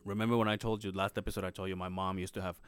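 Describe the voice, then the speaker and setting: A man's voice: sits low, little pitch movement, rapid-fire, smooth. A man co-hosting a podcast, telling stories in casual chat, swearing a lot and acting out the people he quotes. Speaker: podcast co-host.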